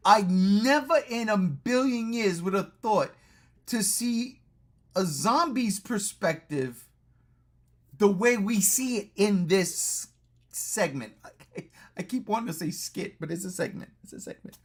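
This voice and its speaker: A man's voice: high-pitched, expressive, slow pace. A man with a New York accent reviewing horror movies in an enthusiastic, profane casual chat. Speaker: podcast co-host.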